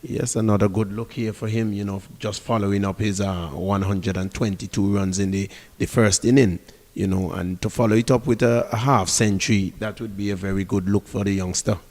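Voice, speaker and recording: A male cricket co-commentator with a very low, deep voice. He speaks in a measured way and often pauses on small fillers. The recording carries a long, echoing reverb. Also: steady tone, darkish tone. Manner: measured, with frequent fillers like "uh" and "you know".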